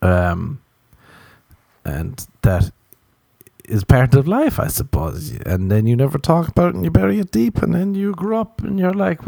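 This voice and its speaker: A man's voice: on the high side, lively intonation, normal speed, creaky, dark tone, dry recording. A young Irish man hosting a podcast, telling crude, jokey, rambling comic stories. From Ireland. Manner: crude, jokey, tangential storytelling. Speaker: podcast host. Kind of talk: rambling comedic monologue.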